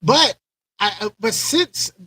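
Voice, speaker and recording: A man's voice: very high voice, expressive, takes it slowly, sharp tone, husky, no room sound, low-quality recording. A man hosting a live stream, chatting loosely with viewers, rambling and repeating himself as he greets them by name. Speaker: aquarium channel host.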